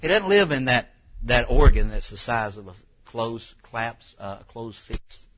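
Male pastor, 30s, husky bright voice, heartfelt folksy sermon. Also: mid-range voice, very animated, a little slow, rough recording. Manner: folksy, emotional storytelling, rising to near tears.

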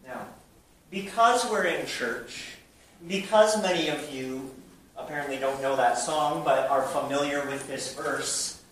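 Echoey bright-voiced male preacher. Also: medium pitch, a little slow. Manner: animated preaching, drops to a hush then bursts loud. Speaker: pastor. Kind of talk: sermon. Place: church hall with an audience. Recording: very echoey hall, mic at a distance.

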